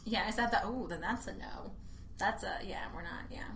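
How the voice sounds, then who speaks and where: A woman in a casual podcast chat, telling quick, self-deprecating stories about dating. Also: mid-range voice, a bit bright, echoey room, a little hiss or hum.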